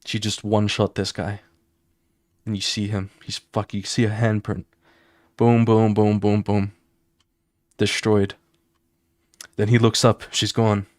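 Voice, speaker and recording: A man's voice: fairly low pitch, flat delivery, unhurried, long pauses, no echo, clean studio sound. A young man streaming while he draws, retelling a comic in a casual, slangy way and adding spoken sound effects. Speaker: artist streamer. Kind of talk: casual storytelling while drawing.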